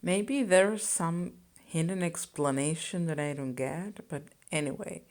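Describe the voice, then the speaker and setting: A woman teaching phrases, explaining each one slowly and with care. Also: deep voice, a little mellow. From Spain. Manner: slow and deliberate, explaining phrases and conjugations. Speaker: Spanish teacher. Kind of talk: scripted language lesson.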